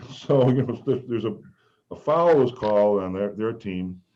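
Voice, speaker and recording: A man with a low, mellow voice tells rambling stories on a video call, often stopping to act out the lines he once shouted. His talk is loose and animated. The sound is dull and lo-fi, like call audio. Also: measured pace. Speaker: former college mascot guest. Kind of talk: casual storytelling on a video call.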